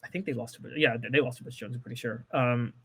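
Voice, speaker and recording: A man's voice: mid-range voice, fairly even intonation, fast talker, breathy edge. A man co-hosting a casual sports podcast and rattling off his betting picks in an upbeat, trained broadcaster's delivery. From American South. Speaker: co-host giving betting picks.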